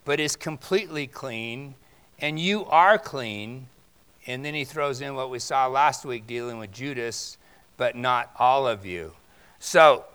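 A man preaching a sermon with a bright, forceful voice. He talks in a loose, conversational way and then leans hard into emphatic points. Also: on the high side, clean tone. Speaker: pastor.

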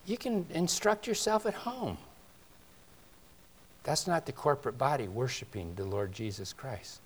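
Male pastor, mid-pitched, conversational sermon delivery, shifts from loud emphasis to quiet asides. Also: lively intonation, a little slow. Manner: conversational preaching with rhetorical questions to the congregation.

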